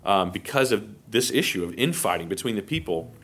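A man's voice: lowish voice, brisk, slight background noise. A man with an American accent teaching the Bible verse by verse, acting out the quotes and checking in with listeners. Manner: animated, acts out quotes, asks listeners okay.

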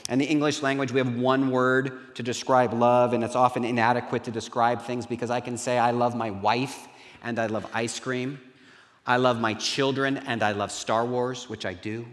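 A middle-aged man, a pastor, preaching a sermon in an earnest way that turns lively when he acts out dialogue. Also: mid-range voice, moderate pace. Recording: reverberant hall.

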